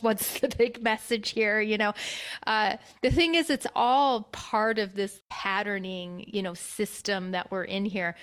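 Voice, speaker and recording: A woman with a middle-range voice talks through spiritual ideas on a podcast. She sounds reflective and explanatory, and fills her sentences with casual asides. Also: mid-range voice. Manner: reflective, explaining, many fillers like "you know". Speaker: podcast co-host.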